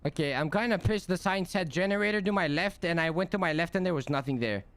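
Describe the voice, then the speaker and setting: A man's voice: sits high, fast talker, a bit bright. A young man commenting on a game he is playing, jumpy, cursing and talking to himself. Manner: jumpy, swears, talks to himself. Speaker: gameplay streamer. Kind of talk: let's play commentary.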